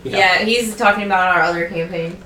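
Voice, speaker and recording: A woman player in a tabletop game, asking drawn-out, giggly questions. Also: lowish voice, steady tone, bright, forceful tone, reverberant, recorded from a distance, slight background noise, rough recording. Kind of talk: casual tabletop play.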